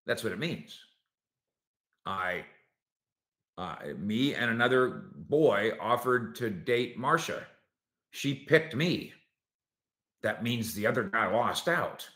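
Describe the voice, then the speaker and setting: A man's voice: mid-range voice, takes it slowly, long pauses, echoey room. A man hosting a solo sports talk show, arguing his points and talking directly to his listeners. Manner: animated, argumentative, talks to listeners directly. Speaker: sports podcast host.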